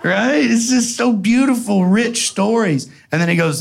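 A man telling profane, animated stories in a casual way, laughing often. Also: sits high, a little slow, vocal fry, husky. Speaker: storyteller guest. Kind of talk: casual storytelling before an audience.

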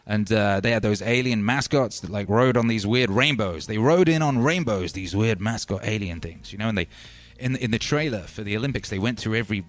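A man hosting a casual livestream, talking animatedly and swinging from loud shouts to low mutters. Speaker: livestream host and musician.

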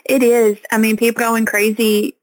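A woman's voice: fairly high pitch, level tone, normal speed, dry recording, rough recording. A woman farmer, giving earnest, plain-spoken answers as a podcast guest. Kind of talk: casual interview answers.

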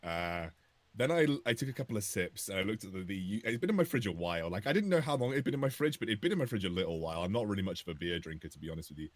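A man's voice: deep voice, expressive, racing, no echo. A man chatting casually as a guest, telling rambling, self-mocking stories. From United Kingdom. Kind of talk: casual chat.

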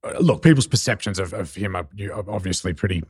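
A man's voice: deep voice, quick pace, a little mellow, husky, dry recording, studio quality. A man hosting an interview who thinks aloud with many hesitant restarts. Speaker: podcast host. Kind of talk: conversational interview.

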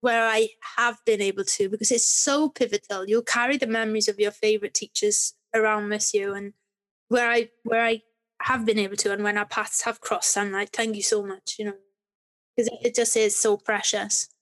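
A woman's voice: mid-range voice, steady tone, normal speed. Chatty woman, rambling storyteller. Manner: rambling, many restarts. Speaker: podcast guest. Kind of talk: conversational interview.

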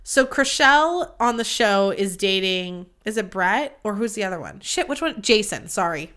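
A woman's voice: mid-range voice, animated, normal speed, fairly bright tone, smooth. A young woman hosting her own podcast, chatting candidly in a rambling, confessional way and swearing freely. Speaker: podcast host. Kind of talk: casual solo podcast chat.

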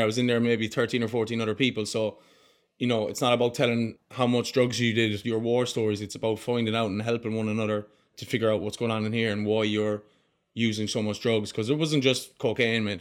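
Irish man, flat steady storytelling. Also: fairly low pitch. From Ireland. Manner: casual, sprinkles mate and man, frequent restarts. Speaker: podcast guest. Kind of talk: candid conversational storytelling.

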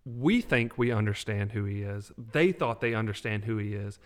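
Animated preaching man. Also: fairly low pitch, normal speed. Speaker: podcast co-host. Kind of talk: faith podcast discussion.

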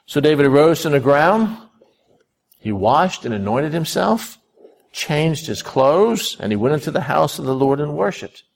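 A man preaching a sermon, retelling a scripture story with lively rises and sudden drops in his voice. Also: fairly high pitch, moderate pace, gravelly.

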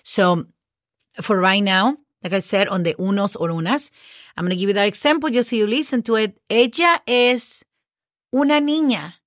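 A woman's voice: medium pitch, brisk, no room sound, clean studio sound. A woman with a Spanish accent, a native Spanish speaker, teaching a casual language lesson, spelling out words and encouraging her listeners. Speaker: Spanish teacher, podcast host.

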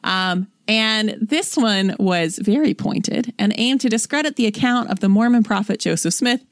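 Woman, young adult, podcast co-host, reads notes aloud plainly, middle pitch, dry sound. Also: no room sound. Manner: reads notes aloud in an even, matter-of-fact way, slowing down on names. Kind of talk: casual chat reading from notes.

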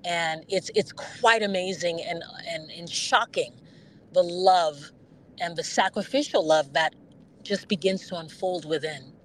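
A woman guest talking earnestly and reflectively about her faith, now and then bursting into animated bits, speaking from her car over a Bluetooth phone link. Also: fairly low pitch, a little slow, slight background noise, low-quality recording. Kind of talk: candid faith conversation. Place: driving in a car.

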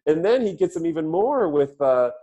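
A man's voice: a little high, very animated, moderate pace, mellow. A man in casual conversation, retelling a comedy bit with enthusiasm and frequent laughter. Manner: enthusiastic storyteller, laughs often. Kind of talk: casual chat.

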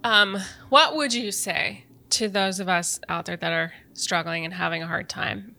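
Bright-voiced emotional woman host. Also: lowish voice, moderate pace, vocal fry. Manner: warm, effusive, emotional, gives short back-channel replies. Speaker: podcast host, nurse. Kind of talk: casual interview conversation.

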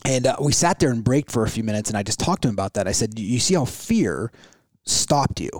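A man in his thirties casually retelling an adventure story in a rambling, animated way, full of restarts. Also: medium pitch, fast talker, no room sound. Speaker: guest telling a story.

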